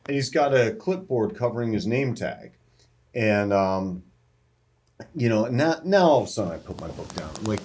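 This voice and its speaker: Male podcast co-host, low voice, swears a lot while telling stories. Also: normal speed. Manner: profane, animated anecdote with acted quotes. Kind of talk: casual storytelling chat.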